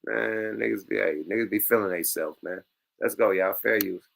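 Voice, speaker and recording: A man's voice: lowish voice, moderate pace, gravelly, a little hiss or hum. A man hosting a reaction show, talking in loose, profane casual commentary with street slang. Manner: animated, laughs loudly, loose street slang. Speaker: show host reacting to clips.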